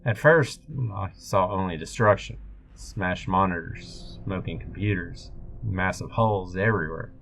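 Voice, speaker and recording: A man narrating a first-person horror story in a steady, measured way. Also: low voice, vocal fry, a little hiss or hum, rough recording. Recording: music bed behind voice.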